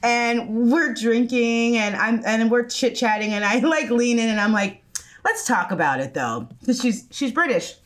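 An American woman with a fairly high voice co-hosts a casual podcast. She talks in a lively, quick rush and fills her sentences with "like.". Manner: animated, fast storytelling full of "like". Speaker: podcast co-host. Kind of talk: casual chat.

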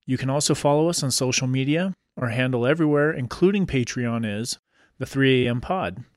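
A man's voice: mid-range voice, fairly quick, no room sound. A male podcast host reading a closing script in an upbeat, friendly tone. His mid-range voice sounds close and completely dry. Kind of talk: read sponsor-style outro.

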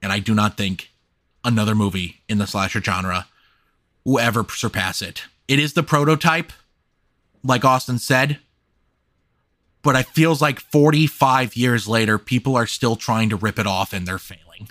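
Emphatic, swearing podcast host. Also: male voice, medium pitch, steady tone, normal speed, a bit bright, no echo. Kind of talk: casual film discussion.

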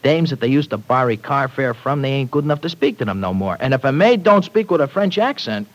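A man's voice: medium pitch, animated, brisk, lightly acted, poor audio. A man playing a slangy tough young guy. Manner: slangy tough-guy talk, dropped grammar. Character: tough streetwise young working-class man. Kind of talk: 1940s radio acting. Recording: old radio broadcast recording.

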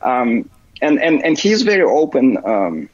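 A male software developer, guesting on a podcast for a casual interview, has a husky, mid-range, sing-song voice. His delivery is halting, full of "you know" fillers and restarts, on a dull, dry recording with no room sound.

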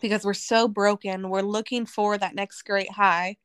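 A woman's voice: mid-range voice, level tone, moderate pace, fairly bright tone, clear, resonant tone, dry recording. A woman from Arizona, a podcast guest, telling her personal testimony in an earnest, emotional way.

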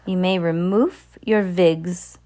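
A woman voicing a harsh, shrieking old female witch leader who barks slow, commanding orders in a rasping, foreign-sounding voice while reading a storybook aloud. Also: on the low side, steady tone, warm tone.

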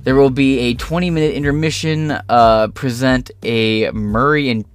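Man, commentary host, reads stories then rants, crude and scornful, mid pitch, soft music bed. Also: steady tone, normal speed. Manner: profane, contemptuous, sarcastic. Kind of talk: angry reaction commentary, reading articles aloud.

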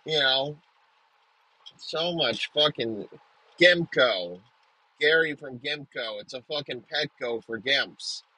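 A young man tears through a profane comedic rant, riffing crudely and restarting his sentences as he goes. His voice is sharply bright with a husky edge. The recording is close and dry, with no room sound. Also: medium pitch, animated, slow, pauses often, no echo, low-quality recording.

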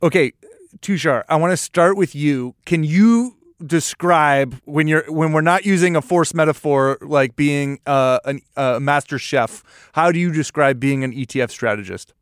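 A man's voice: fairly high pitch, moderate pace, clear, resonant tone, no echo. A man hosting a podcast, bantering in a dry, sarcastic way as he introduces his guests. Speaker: podcast host. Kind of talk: casual podcast chat.

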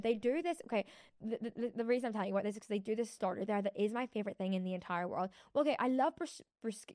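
A woman's voice: on the high side, a little mellow, no echo, clean studio sound. A young woman hosting a casual solo podcast, rambling and chatty with lots of restarts and casual swearing. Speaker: podcast host.

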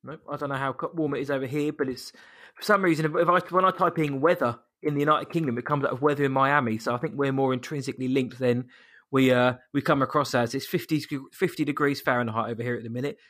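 A man's voice: medium pitch, fairly even intonation, fast, a bit bright. An English man co-hosting a film podcast, friendly and chatty with polite British turns of phrase. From England. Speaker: podcast co-host. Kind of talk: casual chat.

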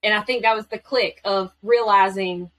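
A woman, former military spouse, talking in a casual conversation with animated storytelling. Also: medium pitch, moderate pace, low-quality recording.

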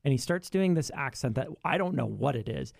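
A podcast co-host chatting casually about films, expressive and quick with asides. The voice is gravelly with plenty of fry, at a middle pitch. The recording is dry and close. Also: no echo. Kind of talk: casual film review chat.

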